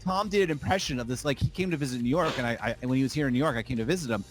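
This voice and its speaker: A man's voice: mid-range voice, rapid-fire, soft background music. A man from New Jersey with a New Jersey accent, hosting a casual podcast chat and rambling through stories full of fillers. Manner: rambling, filler-heavy, animated storytelling. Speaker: podcast host.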